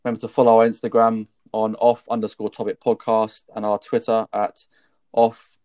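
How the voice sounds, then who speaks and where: A man's voice: lowish voice, monotone, normal speed, dark tone, dry recording. Laid-back man, dry close sound. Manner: laid-back, wraps up the episode. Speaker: podcast co-host. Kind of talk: casual chat.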